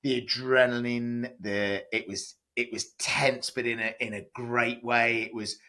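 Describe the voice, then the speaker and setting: A chatty man tells stories as a podcast guest, his voice bright and forceful. He talks loosely, full of fillers and restarts. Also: medium pitch, level tone, unhurried. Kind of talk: casual podcast interview.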